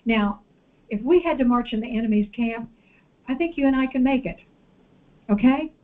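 A woman preacher delivering an animated sermon and calling out to the congregation in a church. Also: on the high side, normal speed. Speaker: guest preacher. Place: church sanctuary. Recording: tinny phone-like audio.

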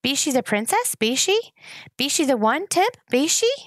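A woman voicing an eager, reverent male giant cockroach who repeats himself in breathy wonder, in a storybook reading. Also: sits high, big pitch swings, normal speed, no echo, voice pushed up. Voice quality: breathy gasps, odd grammar.

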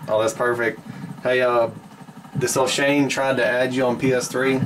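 A man's voice: mid-range voice, level tone, moderate pace. A man hosting a casual online gaming session, joking around and teasing his friends. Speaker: host of a gaming video. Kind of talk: casual gaming party chat. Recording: noisy online game chat.

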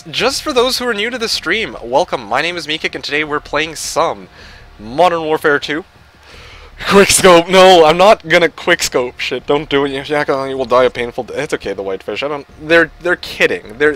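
A man giving casual live commentary while playing an online shooter, muttering, swearing and breaking into yells and laughter. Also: mid-range voice. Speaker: gaming livestreamer.

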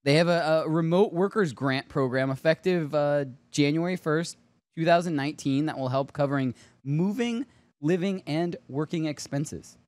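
A man's voice: a little high, normal speed. A man hosting a pop culture podcast in casual chat, laughing often as he tells stories. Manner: laughs often, animated storytelling. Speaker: podcast host.

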